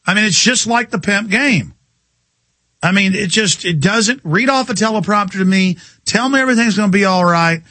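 A man hosting a talk radio show, ranting in a heated, mocking, combative way and swinging his pitch for effect. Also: normal speed, sharp tone, dry recording. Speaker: radio host. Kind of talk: heated on-air rant.

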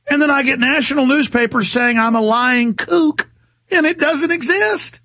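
A man's voice: extremely high pitch, normal speed, sharp tone. A man hosting a talk radio show, ranting in an agitated way and mocking the people he quotes. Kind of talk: heated talk radio monologue.

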